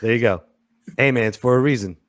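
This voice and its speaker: A man's voice: medium pitch, fast talker, dry recording. A man hosts a casual podcast interview, keeping it loose and laughing along with his guest. His voice sits in a middle range, recorded dry and close with little room sound. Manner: laid-back, laughs along, short backchannel replies. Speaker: podcast host.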